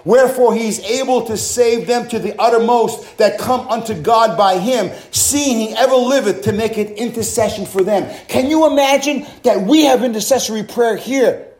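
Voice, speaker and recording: In a roomy, echoing space, a male pastor with a high, slightly mellow voice preaches a fervent sermon at a moderate pace with few pauses. Hallelujahs punctuate his points, and he poses rhetorical questions to the congregation.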